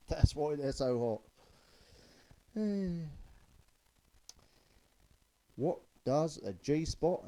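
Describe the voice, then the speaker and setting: A man's voice: mid-range voice, mellow, low-quality recording. A man telling stand-up jokes, loose and chatty, chuckling at his own punchlines. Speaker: stand-up comedian.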